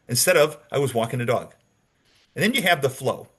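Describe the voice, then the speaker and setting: A man's voice: medium pitch, animated, a little fast, a bit bright, slightly rough. A man teaching a lecture on detecting deception, explaining step by step, repeating key points and acting out sample answers. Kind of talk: training lecture.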